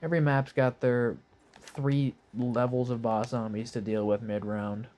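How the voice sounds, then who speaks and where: A young man giving laid-back, rambling live commentary on a game while lying in bed, his voice hoarse and his nose stuffy, swearing casually as he talks. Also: medium pitch, flat delivery, a little slow, darkish tone. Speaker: gaming commentator.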